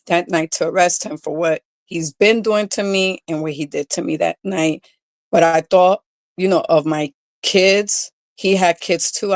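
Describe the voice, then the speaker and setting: A woman's voice: on the low side, no echo. A middle-aged woman, a domestic violence coach, telling her own hard story as a guest in an interview, candid and emotional with many fillers. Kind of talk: personal testimony in an interview.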